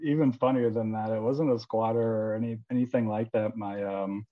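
A man in his thirties with a low voice tells a wild story in a loose, chatty way, full of fillers and sudden jumps into other people's voices. He comes across through a dull, lo-fi recording. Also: normal speed. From Florida, USA. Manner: animated, acts out quoted voices, many fillers. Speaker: guest author. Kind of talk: casual storytelling.

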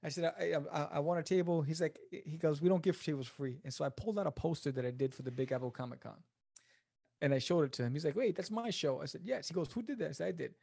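Animated New man telling stories. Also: quick pace, vocal fry, breathy edge. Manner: animated, acts out quoted people in a higher voice. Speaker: interview guest, comic creator. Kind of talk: casual storytelling interview.

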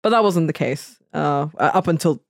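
A woman co-hosting a podcast, recapping a film in casual chat with sudden high-pitched outbursts. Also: lively intonation, normal speed, gravelly, dry recording, studio quality. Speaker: podcast co-host.

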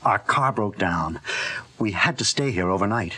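A husky, pushy young husband. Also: male voice, on the low side, lively intonation, normal speed, pushed and bright. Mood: tender. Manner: insistent, needling, pressing. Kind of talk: 1960s radio drama acting.

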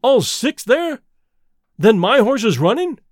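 A man voicing an excitable older colonel who exclaims in agitation. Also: very high-pitched, takes it slowly, no room sound, studio quality, voice pushed up, heavily acted. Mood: agitated. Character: agitated older male racehorse-owning colonel.

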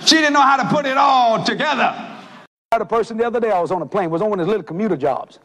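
A man with a Cajun accent, preaching a comic sermon, animated and shouting his punchlines while laughing along. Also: high-pitched, racing. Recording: live hall with audience laughter and noise.

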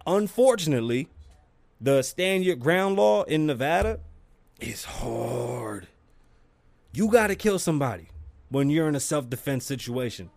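This podcast host's voice is gravelly, a little high and unhurried. He talks casually and profanely on his own show, telling lively, animated stories. There's no room sound.

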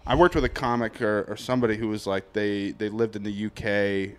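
A man's voice: on the low side, clear, resonant tone. A man from New Hampshire, a comedian, chatting loosely on a podcast with laughs and asides. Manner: animated, laughing, swearing, quick asides. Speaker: comedian guest. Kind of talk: casual podcast banter.

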